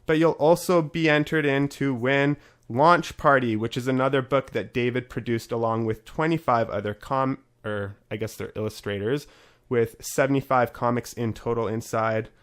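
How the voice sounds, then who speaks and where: A man's voice: medium pitch, normal speed, clear, resonant tone. A man hosting a casual podcast, chatty and upbeat as he runs through promos and talks with his guest. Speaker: podcast host.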